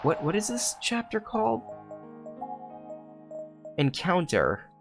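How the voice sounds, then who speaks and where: A man's voice: sits high, huge pitch swings, slow pace, creaky. A man streaming a game, making offhand, chatty asides in casual commentary over faint game music. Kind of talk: casual let's-play commentary.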